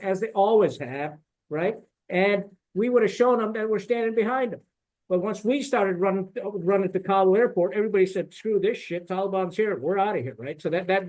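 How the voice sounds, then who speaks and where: Blunt, high-voiced middle-aged man. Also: darkish tone, rough recording. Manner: blunt, profane and indignant, with frequent fillers and "right?" tags. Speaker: podcast guest, retired military officer. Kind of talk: candid storytelling in a podcast conversation.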